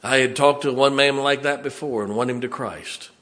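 A man, preaching a sermon as a pastor, swinging from loud to hushed. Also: medium pitch, normal speed.

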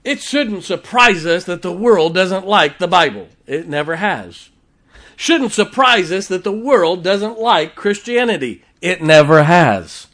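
With a high-pitched, slightly bright voice, a man preaches expressively and without hurry to his congregation at church. He's folksy and forceful, chuckles between points, and keeps repeating his key lines.

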